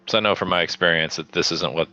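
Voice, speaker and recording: A man playing a tabletop game, laid-back with quick asides. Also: deep voice, bright, forceful tone, highs cut off. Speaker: player. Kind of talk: casual tabletop play.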